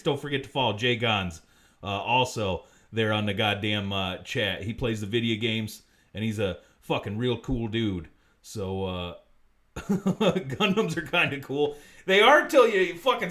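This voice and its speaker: A man with a slightly high voice, hosting a comedy live stream. He swears nonstop and lurches from low, muttered asides into loud, shouted rants. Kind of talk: profane comic ranting on a live stream.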